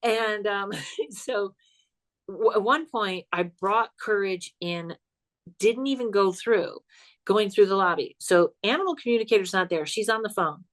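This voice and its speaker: A woman guesting on a podcast as a psychic comedian, telling a spooky story in an animated, chatty way and laughing as she goes. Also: mid-range voice, measured pace. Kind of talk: casual storytelling chat.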